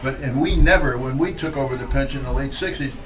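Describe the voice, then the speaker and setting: An older man, a former pitcher, telling rambling baseball anecdotes at a live question-and-answer event, speaking into a handheld mic with fillers and restarts. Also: fast, far from the mic, a crowd in the background. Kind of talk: storytelling at a live Q&A.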